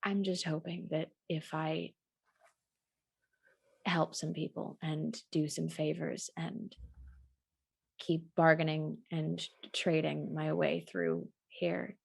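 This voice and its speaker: A woman's voice: sits low, slow pace, gravelly, slightly rough, no room sound. A woman player speaking earnestly in character during tabletop role-play.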